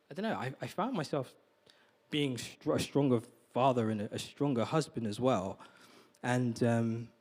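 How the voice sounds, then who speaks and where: A guest speaker delivers a sermon in a medium-pitched voice with a darkish tone. He is earnest, heartfelt, and confessional, often stumbling over and repeating words.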